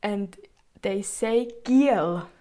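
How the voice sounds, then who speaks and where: A young woman speaking English with a Swiss German accent gives an informal presentation. She talks at an unhurried pace, pausing often with ums and correcting herself. Her pitch sits in an ordinary middle range. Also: mellow. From Switzerland. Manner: hesitant, with many ums and self-corrections.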